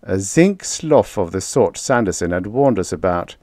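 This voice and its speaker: Low-voiced, lively male narrator. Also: moderate pace, dry recording, clean studio sound. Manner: expressive, dramatic storytelling. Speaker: audiobook narrator. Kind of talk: scripted first-person narration.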